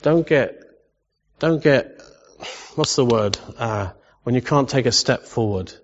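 A man's voice: medium pitch, takes it slowly, slight background noise. A man preaching a sermon in a conversational way. He asks his listeners questions and adds playful asides. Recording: dull recording in a long-reverb hall.

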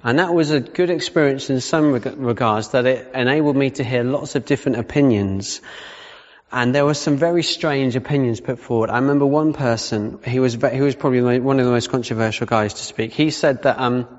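A man's voice: medium pitch, fairly quick. A man giving a conversational sermon, reading Bible passages aloud and breaking off to rephrase. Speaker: preacher. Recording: muffled sound with long reverb in a hall.

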